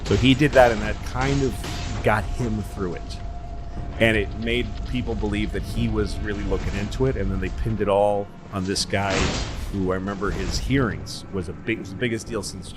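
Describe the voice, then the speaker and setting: Guy w a lowish voice rambling thru a story on a podcast, swears a lot, music going behind. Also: steady tone, normal speed. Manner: rambling, profane, jumps into impressions. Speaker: podcast co-host. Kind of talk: casual storytelling chat.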